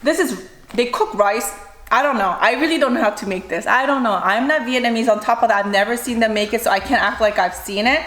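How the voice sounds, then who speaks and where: Woman, fairly high voice, chatty home-cook vlog, roomy kitchen echo, faint kitchen clatter. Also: fairly quick, fairly bright tone. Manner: chatty, rambling, jokes to herself. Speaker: food vlogger. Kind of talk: casual mukbang cooking chat.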